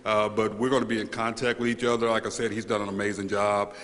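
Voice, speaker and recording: A man speaking as a newly named police chief at a press conference, halting and earnest, repeating words and choked up with emotion. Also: fairly low pitch, little pitch movement, fairly bright tone. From United States. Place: large hall at a press event. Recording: reverberant hall, faint room noise.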